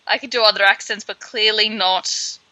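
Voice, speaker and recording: Bright, playful woman podcaster. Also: medium pitch, steady tone, no echo, rough recording. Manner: playful, jokey recapping with quick asides. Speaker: podcast co-host. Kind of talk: casual podcast chat.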